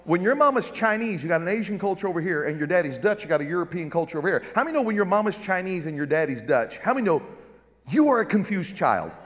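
High-pitched and ringing through a big room, a middle-aged guest pastor from the United States with a Southern accent preaches with humor in a large, balconied church. He jokes, stays animated, and asks the congregation for amens.

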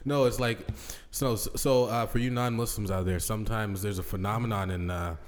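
Joking around on the podcast he co-hosts, a man in his late thirties keeps things casual and animated, slipping into laughter and put-on accents. His voice is fairly low and moves at a moderate pace.

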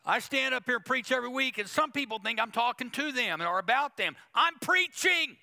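Male pastor, sermon delivery, gravelly edge, emphatic and repetitive. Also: extremely high pitch, fast talker, pushed and bright. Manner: emphatic preaching with quoted asides and repetition.

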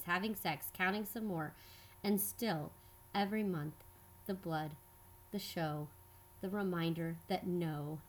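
A woman telling a personal story in scripted narration, measured and reflective. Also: lowish voice. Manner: measured, reflective, quietly earnest.

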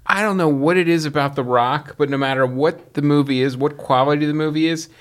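A man co-hosting a casual movie podcast, animated and laughing often, with many fillers. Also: on the high side, brisk. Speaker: podcast co-host.

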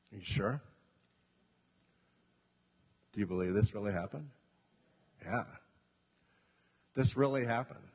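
A male pastor preaching a sermon, emphatic, repeating key points and asking the congregation questions. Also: mid-range voice. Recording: long reverb of a hall.

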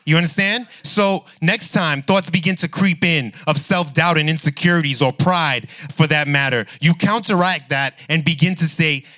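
A man delivers a sermon with a bright, sharp-edged tone. His voice sits a little high for a man. He leans on repetition to land each point. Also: normal speed, hardly any pauses. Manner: emphatic, repeats key lines. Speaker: preacher.

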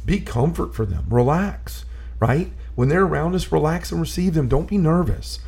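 Man, gravelly voice, mellow tone, earnest storytelling, casual faith talk. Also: on the high side, expressive, moderate pace. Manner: earnest storyteller, restarts and repeats himself. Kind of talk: casual conversation about faith.

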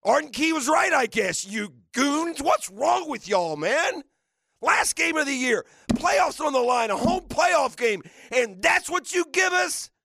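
Fired-up man ranting, high gravelly voice. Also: big pitch swings, a little slow, no echo, studio quality. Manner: fiery, mocking, shouting bursts. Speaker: sports radio host. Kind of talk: heated sports radio rant. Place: radio studio.

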